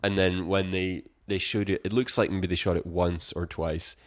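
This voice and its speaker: A man's voice: sits low, flat delivery, moderate pace. A young man chatting easily on a podcast, agreeing a lot and talking in loose, filler-heavy runs. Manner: easygoing, agreeable, lots of fillers. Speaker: podcast co-host. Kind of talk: casual chat.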